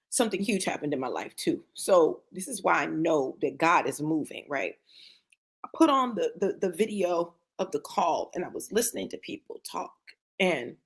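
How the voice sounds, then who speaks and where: Husky woman giving fervent testimony. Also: mid-range voice, fairly bright tone. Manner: preacherly, repeats phrases for emphasis, says "right?" often. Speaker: motivational speaker. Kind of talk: impassioned personal testimony.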